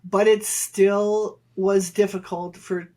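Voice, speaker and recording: Mãe hesitante, falando com muitas pausas. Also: female voice, mid-range voice, level tone, mellow. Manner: hesitant, rambling with many fillers. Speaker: guest, mother of the hosts. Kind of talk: casual chat.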